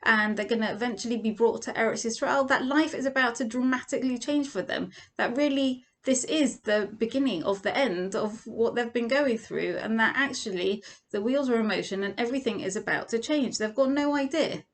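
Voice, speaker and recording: A woman's voice: fairly high pitch, a little fast, hardly any pauses. A woman teaching a Torah lesson as a vivid second-person story, acting out the quoted lines.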